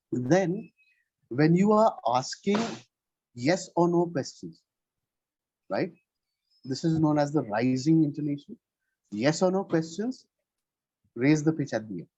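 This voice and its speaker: A man's voice: a little high, expressive, slow pace, pauses often, warm tone, slightly rough, no echo. A man teaching English pronunciation in a one-on-one lesson, patient and checking in often with "right?". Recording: dull lo-fi sound.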